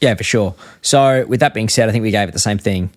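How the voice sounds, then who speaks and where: A man chatting on a podcast, recounting scenes in a loose, rambling way and acting out quoted lines as he goes. His voice sits at an ordinary pitch, and the sound is dry and close, with no room around it. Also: fast, dry recording. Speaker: podcast co-host. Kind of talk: casual chat recapping an episode.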